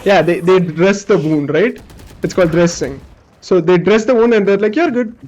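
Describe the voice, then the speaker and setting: A man's voice: high voice, moderate pace, lo-fi sound, a little hiss or hum. A young man streamer casually telling a story while gaming, swearing now and then and acting out what people said. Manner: animated, casual, swears, acts out quoted people.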